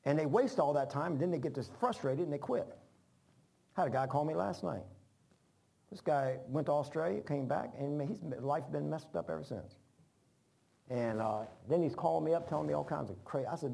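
A man's voice: a little high, lively intonation, brisk, gravelly, warm tone, breathy edge. Folksy preacher man. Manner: folksy, rambling, repeats phrases. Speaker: pastor. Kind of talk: informal sermon.

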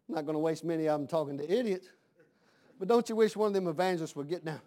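High-voiced folksy preacher man. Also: rapid-fire, mellow. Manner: folksy, conversational, with rhetorical questions. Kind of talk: sermon.

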